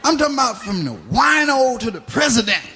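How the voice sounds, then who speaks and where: High-voiced comedian, loud and profane. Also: male voice, lively intonation, brisk, crowd noise. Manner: loud, profane storytelling that keeps breaking into laughter. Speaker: stand-up comedian. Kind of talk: stand-up comedy routine. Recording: noisy live recording.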